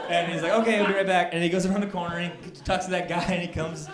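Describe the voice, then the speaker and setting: A male stand-up comedian telling a story, acting out the people in it and getting loud and exasperated. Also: sits high, fast talker, hardly any pauses, very noisy. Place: comedy club stage. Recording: echoey club with crowd laughter. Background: audience laughing.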